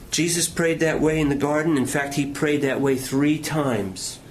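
A man delivering an impassioned sermon. His voice sits high and swings widely in pitch, rising on emphatic lines and dropping to hushed near-whispers. A faint room ambience hangs behind him. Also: very animated, moderate pace, slight background noise. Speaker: pastor.

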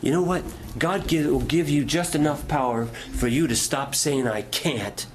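A man's voice: on the high side, normal speed, a little hiss or hum. A middle-aged male pastor preaching a sermon, telling stories in a folksy way and asking the congregation questions.

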